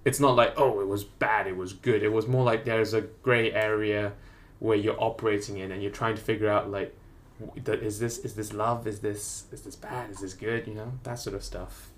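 A man's voice: fairly low pitch, flat delivery, normal speed. A man in casual chat about a book, rambling and full of filler words. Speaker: podcast co-host discussing a book.

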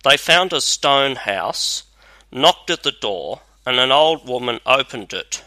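A man narrating a fairy tale in a measured, even reading. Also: medium pitch, no echo. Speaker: storyteller.

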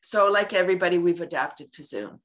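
A woman's voice: lowish voice, a little fast, a bit bright. A woman guest talking about laughter yoga in an interview, acting out everyday scenes and laughing often. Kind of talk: casual interview talk.

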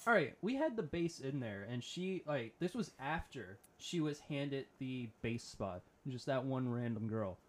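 A young man chatting easily with a friend in a mid-range voice. He is relaxed and self-deprecating and laughs often. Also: mid-range voice, a little slow, few pauses. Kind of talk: casual chat.

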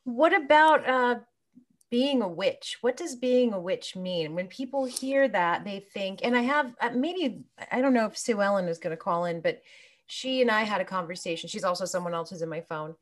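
Woman, mid-pitch, interview host, relaxed questioning, frequent ums. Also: normal speed. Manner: conversational questions with fillers. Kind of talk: casual interview.

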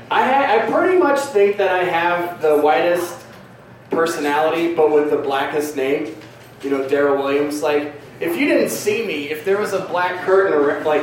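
A man's voice: fairly high pitch, slight background noise. A man doing a crude, rambling, self-mocking stand-up comedy set on a club stage. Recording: echoey live club recording from a distance.

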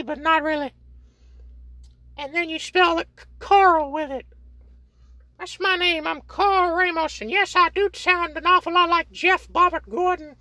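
A shrill, squeaky oddball guy babbles crude nonsense in a high, pinched voice. The tone is bright and cutting, pitched far above a normal man's voice. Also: no room sound, full character voice. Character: squeaky lewd rambling oddball man. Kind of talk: solo comedy podcast bit.

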